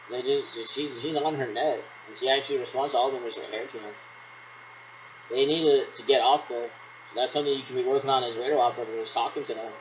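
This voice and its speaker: A man's voice: mid-range voice, fairly even intonation, quick pace, a little hiss or hum, poor audio. A man rambling through pretend radio checks on his own, ending turns with "over". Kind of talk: solo role-played radio checks.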